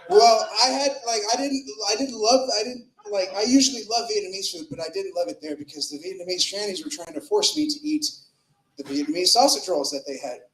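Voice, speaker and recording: A man's voice: high voice, animated, fairly quick, fairly bright tone. A man doing a crude, rambling open mic stand-up set in a comedy club, speaking into a stage mic with filler words and swings in volume. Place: comedy club with live audience. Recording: roomy club echo.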